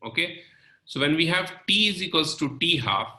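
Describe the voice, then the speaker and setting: A male chemistry teacher walks through a lecture slowly, step by step, checking in with "okay" and "right". His voice is very bright and sharp. The recording carries a noticeable room echo. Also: a little high, animated. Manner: slow, step-by-step explaining with frequent "okay" and "right". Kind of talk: recorded lecture explaining on a board.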